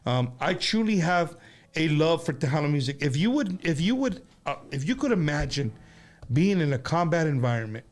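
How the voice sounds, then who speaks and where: Animated man hosting a chat show. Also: on the high side, moderate pace. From United States. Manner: animated, rambling with restarts. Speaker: show host. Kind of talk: casual studio chat. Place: studio.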